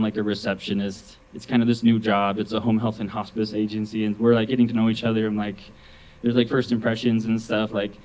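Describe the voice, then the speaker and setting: A man's voice: fairly low pitch, a little mellow, poor audio. A male stand-up comedian on a club stage tells loose, rambling stories. He chuckles to himself often and fills his sentences with "like." The mood is easygoing and casual. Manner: rambling, chuckles often, heavy use of 'like'.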